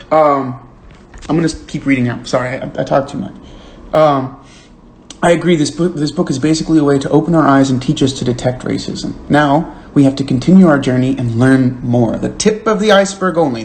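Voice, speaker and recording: A man's voice: on the high side, darkish tone. A man hosting a book club livestream, reading comments and talking things through in an earnest, thoughtful way that stammers and restarts. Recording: roomy echo with faint room noise.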